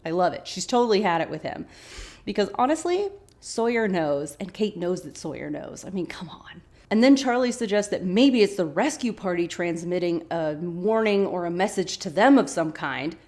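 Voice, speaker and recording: A woman hosting a podcast, casually recapping a TV episode with animated, chatty asides. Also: lowish voice, moderate pace. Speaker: podcast host.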